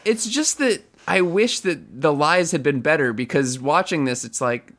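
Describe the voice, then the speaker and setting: A podcast co-host in casual chat, joking with quick asides and laughing often. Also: medium pitch, expressive, fairly bright tone.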